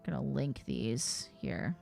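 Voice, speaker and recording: A woman's voice: very deep voice, very animated, slow pace, gravelly, darkish tone, faint music behind. A woman streaming in casual, chatty commentary, thinking aloud with playful asides.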